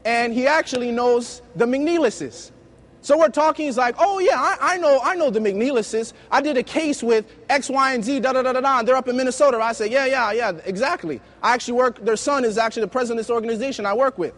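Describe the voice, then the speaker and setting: Male preacher, very high voice, lively anecdotal sermon style. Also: fast talker. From United States. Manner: lively storytelling, acting out dialogue. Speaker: youth preacher. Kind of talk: sermon with personal stories.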